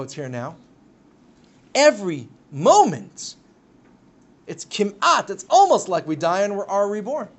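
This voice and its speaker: Animated man teaching a class. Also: fairly high pitch, slight background noise. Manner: animated storytelling, with sudden loud bursts. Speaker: Torah teacher. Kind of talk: live lecture to a class.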